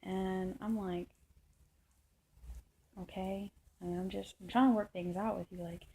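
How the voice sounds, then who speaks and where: Woman venting a long story, rambly and frustrated, lots of "you know", mellow voice, bit of background noise. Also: medium pitch, low-quality recording. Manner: rambling, filler-heavy, frustrated. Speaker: vlogger. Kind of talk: casual storytelling monologue.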